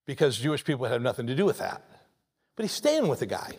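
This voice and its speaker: A man pastor preaching a sermon, telling the story lively and acting out the people he quotes. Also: medium pitch, fast talker, creaky.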